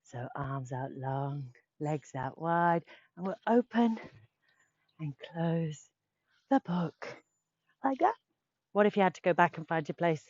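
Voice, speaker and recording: A woman's voice: sits low, expressive, takes it slowly, pauses often, a little mellow, no echo, lo-fi sound. A woman teaching a children's yoga class, playful and sing-song as she leads poses and tells a little story.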